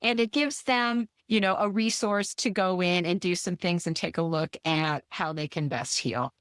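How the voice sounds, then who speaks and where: An effusive woman guest chats through an interview with plenty of enthusiasm and quick restarts. Her voice sits a little low. The sound is dry, with no room around it. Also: no echo. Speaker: guest author and coach. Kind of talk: casual interview chat.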